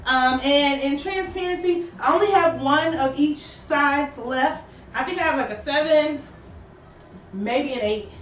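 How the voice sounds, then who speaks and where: A young woman with a high, animated voice chats straight to her live viewers while showing off shoes. She sounds a little out of breath. The recording is dull and lo-fi, with her voice set back from the mic in an echoey room. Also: a little slow, distant mic, slight background noise. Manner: chatty, animated, talks to viewers. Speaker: shoe store host. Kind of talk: casual live-stream sales chat. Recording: roomy and lo-fi, voice from off-mic.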